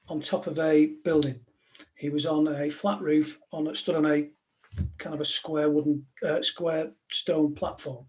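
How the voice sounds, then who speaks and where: A man's voice: on the high side, darkish tone. A man, a former police negotiator, giving a live talk to an audience in a direct, conversational way, full of anecdotes.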